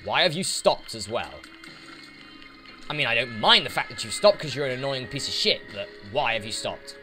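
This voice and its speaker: A man's voice: mid-range voice, big pitch swings, moderate pace, bright, forceful tone. A man giving casual let's play commentary, chatting to the enemies on screen as he plays, with game music behind him. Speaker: gaming YouTuber.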